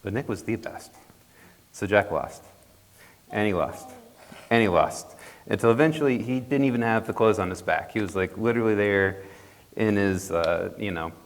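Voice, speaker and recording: A man's voice: lowish voice, normal speed, pauses often. A man telling a folk tale to a congregation in a playful, chatty way, with jokey asides. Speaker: storyteller. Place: church hall. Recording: long reverb of a hall.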